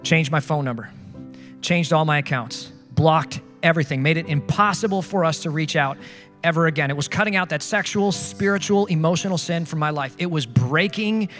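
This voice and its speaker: A man preaching a sermon in a bright, high voice, earnest and conversational, with a string of rhetorical questions. His voice rings out in a space with long reverb. Soft music plays faintly behind him. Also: normal speed. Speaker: pastor.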